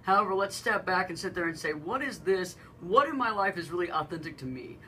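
Low-voiced woman, bright and animated. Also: brisk, slight background noise, poor audio. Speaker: radio co-host. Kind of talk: casual radio talk.

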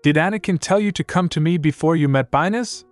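A man's voice: fairly high pitch, a little fast, no echo, soft background music, voice pushed up, natural voice. A man voicing a proud, clever young princess who speaks in a cool, formal, commanding way. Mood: probing.

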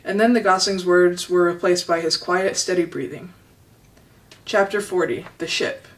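A woman reads a children's chapter book aloud in a steady, gentle storytelling voice. She sits a little back from the microphone, so the sound has some distance. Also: lowish voice, normal speed. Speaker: storybook reader. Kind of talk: reading a children's novel aloud.

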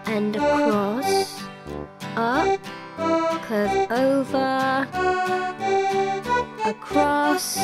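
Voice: sits high, full character voice. A performer voicing a friendly young monster who guides children through drawing, step by step. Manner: cheerful, slow step-by-step drawing instructions. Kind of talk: children's cartoon voice acting.

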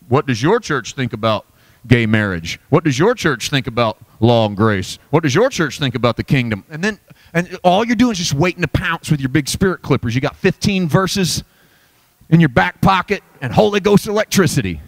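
A pastor delivers a Bible study sermon in an emphatic, folksy way, poking fun at himself between points. His voice swings from quiet low asides up to high, excited exclamations. The sound is dry and close, with little room echo. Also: moderate pace. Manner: folksy, self-deprecating humor. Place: church.

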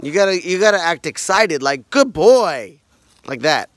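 A man's voice: fairly high pitch, a little fast, fairly bright tone. A father patiently coaching and encouraging his young child in a casual home video, recorded outdoors in a yard.

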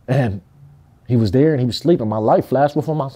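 A man's voice: medium pitch, fairly quick, warm tone, slightly rough. A man from Compton speaking in a candid interview, emphatic and full of street slang and profanity. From Compton, California.

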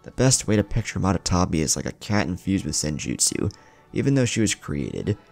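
Teasing young male ninja, deep and gravelly, man narrator voicing him. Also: big pitch swings, fairly quick, a little mellow, faint music behind, heavily acted. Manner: teasing, exasperated.

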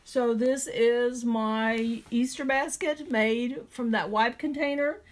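A middle-aged woman with a Southern drawl hosts a homemade craft tutorial. Her voice sits a little high, and she chats along as she works, thinking aloud about each step. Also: steady tone, slow. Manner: chatty, thinks aloud while drawing. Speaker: craft video host.

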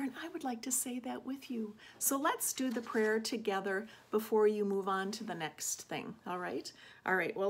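A woman's voice: mid-range voice, slightly rough. A woman teaching a children's Bible lesson in a church in a friendly, coaxing way, often checking in with "right?". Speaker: children's Sunday school teacher.

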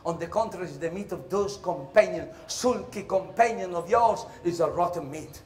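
A man's voice: high-pitched, moderate pace, darkish tone, echoey room, close to an everyday voice. A man voicing a sly male tribal magician who talks coaxingly and matter-of-factly about eating people.

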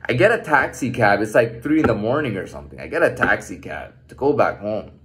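Lively, profane man in his thirties. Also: lowish voice, brisk. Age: 30s. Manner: loose and profane, full of "like" and "man" fillers. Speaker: storyteller recounting his own past. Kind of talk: casual personal storytelling monologue.

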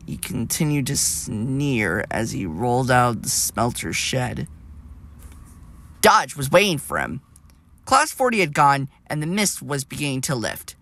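A man narrating a storybook tale in a plain, steady reading voice with small slips. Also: medium pitch, a little slow, gravelly.

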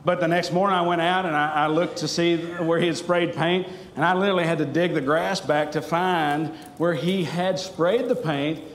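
A preacher with a notably high voice delivers an earnest, pleading sermon, easing into family stories with a wry humor. His words ring around a reverberant church sanctuary. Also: steady tone, moderate pace, hardly any pauses, a little hiss or hum.

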